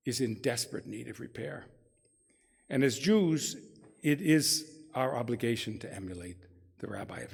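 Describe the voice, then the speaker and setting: A man speaks at a synagogue, reading a story aloud with dramatic pacing that sinks into hushed tones. His voice has a gravelly, creaky texture at a middle pitch. It carries the long reverb of a large hall. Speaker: guest speaker. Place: synagogue sanctuary.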